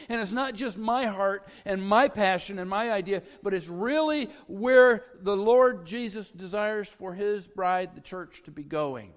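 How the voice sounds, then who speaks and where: Man, middle-aged pastor, sermon, folksy storytelling, slightly high voice, long reverb in church. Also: animated, measured pace. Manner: conversational, folksy storytelling with humor. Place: church sanctuary.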